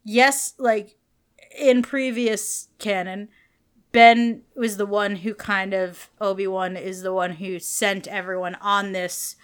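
Animated young woman chatting casually. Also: mid-range voice, takes it slowly, smooth. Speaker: podcast co-host. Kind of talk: casual fan chat.

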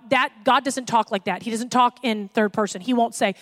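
A woman pastor preaching a sermon, animated, acting out the voices she quotes. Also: fairly high pitch, moderate pace, few pauses.

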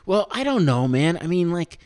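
Man, podcast co-host, casual banter, very animated pitch, laughs a lot. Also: normal speed. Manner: laughs often, jokey, rambling. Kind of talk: casual chat.

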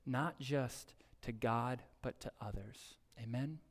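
A man's voice: mid-range voice, slow pace. Earnest male pastor, long church reverb. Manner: earnest, exhorting, builds to excited emphasis. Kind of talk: sermon. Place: church sanctuary during a service.

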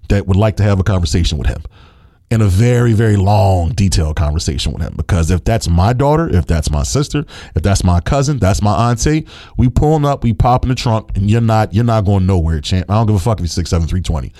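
A man's voice: mellow, no echo, studio quality. A young man hosting a podcast, giving blunt, profane opinions in a casual monologue that heats up into rants. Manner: blunt, profane, heated rants with rising pitch. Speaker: podcast host.

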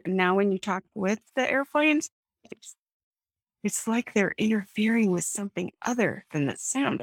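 A woman's voice: medium pitch, no room sound. A woman hosting a faith discussion over a video call, affirming what others share and passing the turn to the next person. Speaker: host of a faith discussion group.

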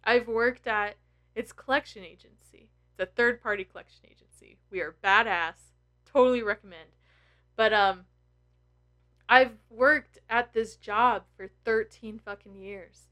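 A woman in her thirties, a tarot content creator, speaks a little slowly in a fairly high, slightly bright voice. In a candid personal vlog she talks emotionally to her followers, bluntly and with lots of swearing.

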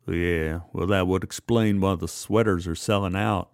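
An unflappable middle-aged store boss drawls slowly in a low, subdued voice, as a man puts him on. He hems and pauses with little fuss. The voice comes from a spoken story. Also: steady tone, clean tone, no room sound, clean studio sound. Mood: calm. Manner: slow, hesitant, with fillers.

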